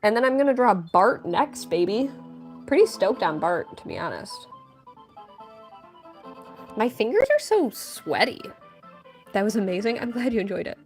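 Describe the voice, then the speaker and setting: A young woman with a fairly high, very lively voice chats playfully with her viewers as she draws on a live stream. Her talk is loose and teasing, and soft music plays faintly behind her. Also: normal speed, pauses often. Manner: playful, chatty, reads and answers chat. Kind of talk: casual live-stream chat while drawing.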